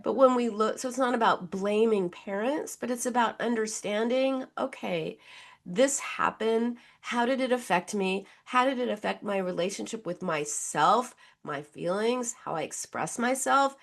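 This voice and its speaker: Lively, higher-pitched woman therapist telling stories. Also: moderate pace, vocal fry. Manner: animated, acts out the people in her stories. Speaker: therapist and guest expert. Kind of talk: conversational storytelling.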